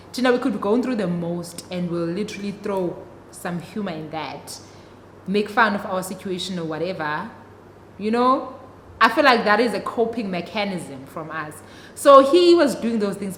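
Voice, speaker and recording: A young South African woman whose first language is isiXhosa, telling a story-time vlog to her viewers in a chatty, dramatic way. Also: fairly low pitch. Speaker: vlogger. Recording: echoey room, long reverb, faint noise.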